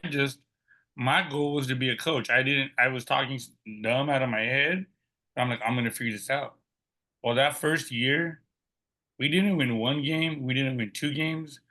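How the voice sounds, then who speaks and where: A middle-aged man, a podcast guest, telling a personal story in a lively way and acting out the quoted dialogue. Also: mid-range voice, fairly quick.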